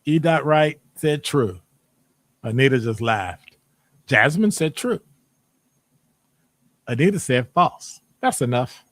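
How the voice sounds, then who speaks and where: Animated Midwestern man hosting a live session. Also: mid-range voice, slow, long pauses, no echo. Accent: Midwestern American. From American Midwest. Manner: animated, jokey, teasing the audience. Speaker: presenter reading audience answers. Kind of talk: live-streamed lecture with chat.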